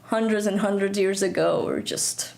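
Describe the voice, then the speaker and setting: A woman's voice: medium pitch, normal speed, vocal fry, a little mellow. A young woman, chatting and giggling through a game stream. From Portugal. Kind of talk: live game stream commentary. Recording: echoey room with faint noise.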